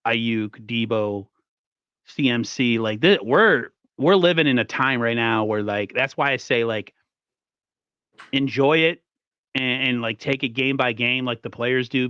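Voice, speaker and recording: A man hosting a casual sports talk show, an excited, fast-talking fan. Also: medium pitch, smooth, no room sound, muffled recording. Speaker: podcast host.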